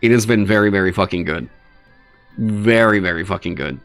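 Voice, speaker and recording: A man hosting a livestream, talking casually and swearing in exasperated, animated rants. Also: lowish voice, fairly quick, faint music behind. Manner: animated, profane ranting with exasperated asides. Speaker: streamer hosting a dungeon design stream.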